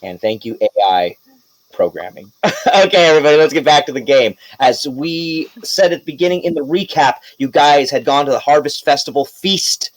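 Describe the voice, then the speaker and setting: A man's voice: a little high, lively intonation, normal speed, no echo, rough recording. A man running a tabletop game as game master, chatting and recapping with laughs and loose asides.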